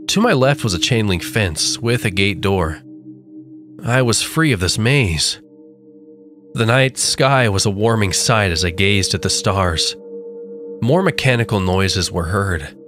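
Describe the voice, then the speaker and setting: A man with a low voice reads a scripted horror story, telling it in a dramatic, deliberate way. Faint music plays under his narration.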